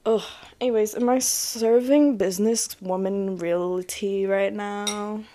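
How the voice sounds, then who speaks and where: A woman co-hosting a podcast in casual chat, talking in a chatty, animated way. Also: medium pitch, takes it slowly. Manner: chatty, animated, tired after long workdays. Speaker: podcast co-host.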